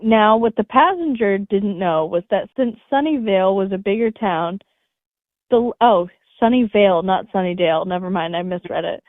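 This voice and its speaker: A woman's voice: mid-range voice, moderate pace, dry recording. A woman reading online stories aloud in a casual chat, with light laughs and asides. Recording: dry, phone-like audio.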